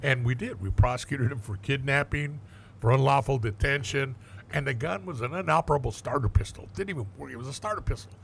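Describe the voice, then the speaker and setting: A gravelly-voiced older man, once a police detective, tells stories from the job in a casual interview. He is blunt and profane and acts out the quoted dialogue. His voice sits at an ordinary male pitch. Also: a little fast, a bit bright, slight background noise. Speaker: former police detective, guest.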